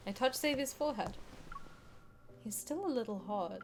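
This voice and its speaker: A young woman streaming, reading a game aloud and reacting with excited, swearing banter. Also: fairly high pitch, moderate pace, slight background noise.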